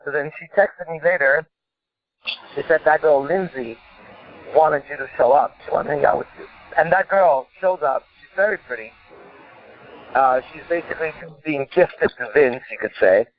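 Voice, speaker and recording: A man's voice: a little high, normal speed. A man co-hosting a call-in podcast, telling a story in an intense, profane, emphatic way. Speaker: podcast co-host. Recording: tinny phone-like sound.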